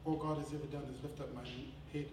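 A man with a New Zealand accent preaching a sermon, telling a family story with animated swings between loud laughing bursts and quiet earnest passages. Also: fairly high pitch, quick pace, distant mic. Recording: echoey hall, recorded from afar, with noticeable background noise.

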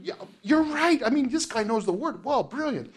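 A man doing a gushing, high-voiced listener in a crowd. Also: lively intonation, moderate pace, breathy edge, exaggerated voice. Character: excited crowd member, adult man, gushing.

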